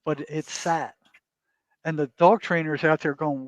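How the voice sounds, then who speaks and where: A man's voice: a little high, moderate pace, no echo. A man guest, a therapist, telling a story in casual interview talk and often adding "you know" and "right?". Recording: dull lo-fi dry sound.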